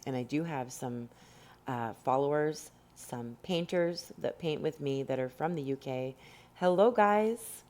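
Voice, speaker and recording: Very low-voiced woman. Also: darkish tone. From Canada. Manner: chatty, rambling, many fillers. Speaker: rock painting instructor. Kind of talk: casual tutorial narration. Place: home indoors.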